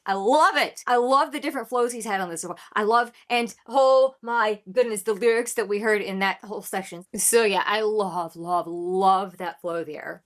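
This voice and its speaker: Excitable woman reacting to music. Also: medium pitch. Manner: excitable, animated, laughs often. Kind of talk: casual reaction commentary.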